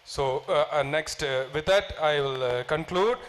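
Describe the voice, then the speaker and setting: A man's voice: fairly high pitch, a little slow, a bit bright. A man preaching a sermon, asking the congregation questions and leading them in repeated call-and-response prayer. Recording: long hall reverb.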